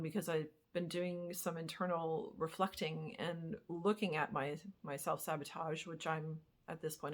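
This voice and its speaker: A young woman vlogger talking candidly and at length in a personal monologue, rambling and swearing casually as she reflects. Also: lowish voice. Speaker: spiritual vlogger.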